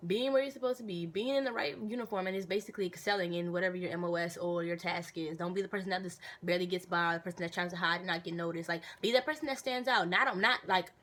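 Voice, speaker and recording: A young woman talking casually into her phone for a Q&A vlog, telling stories with animated, indignant bursts and lots of fillers. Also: lowish voice. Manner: animated storytelling, indignant outbursts, many fillers. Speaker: vlogger answering viewer questions.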